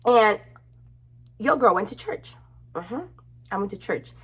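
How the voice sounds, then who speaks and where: A young woman chatting casually to her camera at home, expressive and chatty, swearing freely. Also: mid-range voice, measured pace, breathy edge. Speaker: beauty vlogger.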